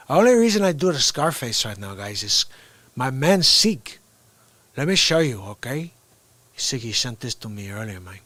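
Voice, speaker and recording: A man's voice: mid-range voice, big pitch swings, normal speed, fairly bright tone, dry recording. A man chatting casually with his viewers while hosting a livestream. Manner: chatty, talks straight to viewers. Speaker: livestream host.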